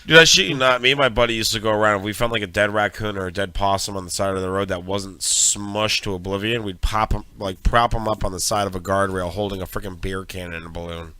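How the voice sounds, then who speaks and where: A man's voice: on the low side, steady tone, fast talker, few pauses, pushed and bright, clean tone, no echo. A man co-hosting a podcast, playfully announcing news and telling rambling anecdotes in casual banter. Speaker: podcast co-host. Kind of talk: casual joke-swapping banter.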